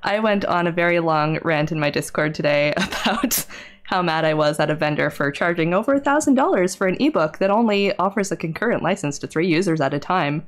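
A woman's voice: fairly low pitch, animated, fairly quick. A woman streamer and librarian in casual live-stream chat while gaming, chatty, laughing often and reading chat aloud.

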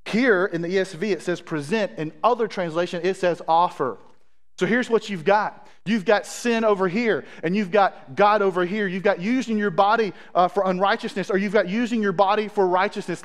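A man's voice: sits high, normal speed. A man, a pastor, preaching a sermon, reading scripture aloud with asides and praying earnestly.

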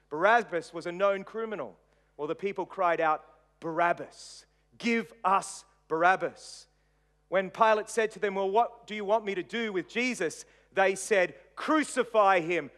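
High-voiced pastor preaching dramatically. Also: male voice. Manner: dramatic retelling, swinging from loud emphasis to hushed softness. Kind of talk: sermon.

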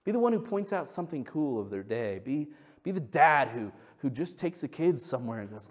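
A man in his thirties, a pastor preaching a sermon, telling stories with lively acted-out quotes and dropping to a soft, low voice for scripture readings. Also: brisk. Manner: animated storytelling, acts out quotes with big pitch jumps.

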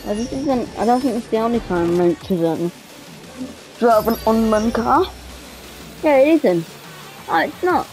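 A woman chats casually through her gameplay, excitable and quick to mock her own skills. Her pitch swings in a lively way. Faint music sits behind her voice. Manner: excitable, self-deprecating, exclaiming. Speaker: gamer.

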